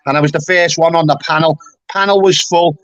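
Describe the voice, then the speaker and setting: A man's voice: a little high, fairly even intonation, a little fast, a bit bright, no echo, highs cut off. A man from England hosting a casual livestream chat, blunt and swearing, tacking "mate" onto nearly every sentence. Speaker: YouTube livestream host.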